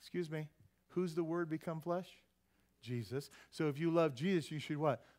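A man's voice: on the high side, normal speed, darkish tone. A man preaching a sermon at a church service, folksy and joking, constantly quizzing the congregation with questions. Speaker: pastor.

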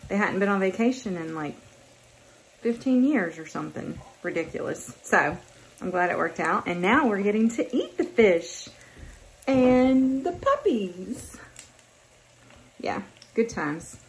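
A woman's voice: lowish voice, expressive, moderate pace, a little hiss or hum, poor audio. A woman chatting casually in her farm vlog, laughing often and talking straight to her handheld phone. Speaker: farm wife vlogger.

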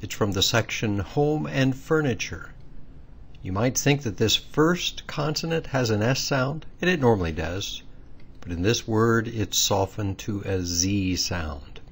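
Husky low-voiced man teaching pronunciation. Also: animated, unhurried. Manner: patient, methodical, stresses key words. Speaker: language teacher. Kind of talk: explanatory lesson.

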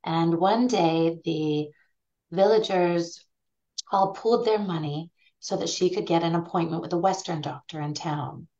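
A woman's voice: fairly low pitch, a little slow, mellow. A woman guest in a podcast interview who tells anecdotes animatedly and acts out the voices in them. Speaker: guest ethnobotanist. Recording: dull lo-fi sound.

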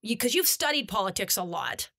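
Fast, bright-voiced chatty woman host. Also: mid-range voice, big pitch swings, creaky. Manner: chatty, many fillers like "like" and "you know". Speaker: podcast host. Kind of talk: casual interview talk.

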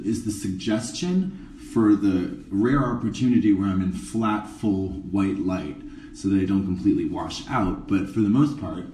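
In a dressing room before a show, a drag performer does a makeup tutorial as a casual live stream. He's campy and sarcastic, full of rambling asides, with a low-ish, mellow voice. A phone camera held a bit away gives a roomy, distant sound with slight background noise.

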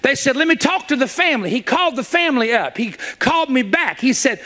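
A middle-aged man preaching a sermon, telling a story, acting out the dialogue and building up to shouts. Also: very high voice, lively intonation, quick pace, few pauses.

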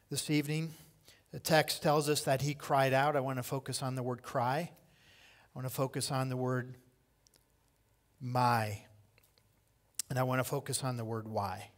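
At medium pitch, a man delivers a sermon as pastor, moving between loud impassioned cries and quiet lines while repeating key phrases for emphasis.

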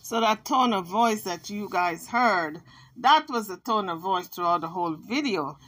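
A woman vlogger giving chatty, sassy, animated commentary on an argument. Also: mid-range voice, measured pace, heavy background noise. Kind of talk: casual commentary recapping drama.

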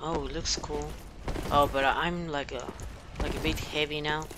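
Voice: medium pitch, little pitch movement, unhurried, noisy background. A gamer from Argentina, whose native language is Spanish, speaks English with an Argentinian Spanish accent over a headset. The gamer mutters reactions, curses at enemies and keeps saying a sarcastic "great". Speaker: let's play gamer. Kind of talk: casual gameplay commentary. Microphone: headset microphone.

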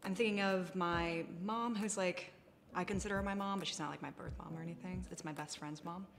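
Earnest low-pitched woman. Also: fairly even intonation, a little fast, noisy background. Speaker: interviewee calling a mother figure. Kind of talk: candid interview.

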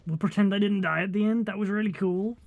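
Excitable man streaming a game. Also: high voice, fast talker, narrow, tinny audio, faint music behind. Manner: excitable, jokey, exclaims and laughs often. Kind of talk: live gameplay commentary.

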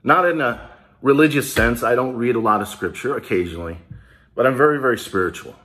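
Slightly fast, his mid-range voice has a fairly bright tone. He hosts a small business video blog, speaking straight to viewers in an energized, rallying manner that becomes emotional.

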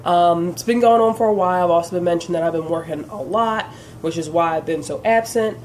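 A woman's voice: fairly low pitch, fast, darkish tone, a little hiss or hum. A woman vlogging to camera in an earnest, encouraging way. Her voice sounds congested and nasal from a sinus problem, and she fills her talk with "um" and "you know". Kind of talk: casual direct-to-camera chat.

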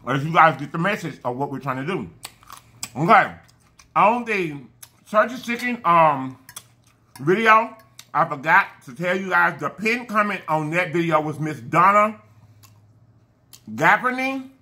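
High, sharp-toned man chatting to viewers. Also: animated, a little slow, long pauses. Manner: affectionate, giving shout-outs to fans; stumbles over names and corrects himself. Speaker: mukbang channel host. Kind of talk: casual chat to viewers while eating.

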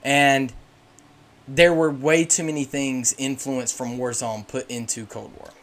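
A man's voice: mid-range voice, flat delivery, unhurried. A young man, a gaming YouTuber, giving an opinionated, ranting commentary. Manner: opinionated and ranting, with emphatic swings. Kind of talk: casual commentary.

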